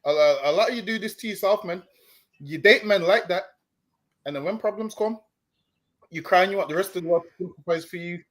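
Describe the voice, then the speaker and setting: A man's voice: high voice, brisk, long pauses, a bit bright. A man talking on a stream, preaching and lecturing, often stumbling over repeated words and saying "listen, man.". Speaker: street preacher co-host. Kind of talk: stream discussion.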